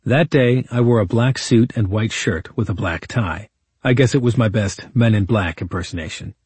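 A man narrating a memoir audiobook in a measured, wry storytelling manner, as a defense lawyer recounting events. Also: on the low side, darkish tone, husky, no echo.

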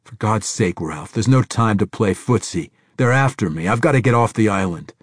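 A man's voice: sits low, normal speed, breathy edge, no room sound, clean studio sound, exaggerated voice. A man doing a terse hunted agent. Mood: tense. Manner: flat and terse, rising to shouting. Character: hard, terse male agent on the run.

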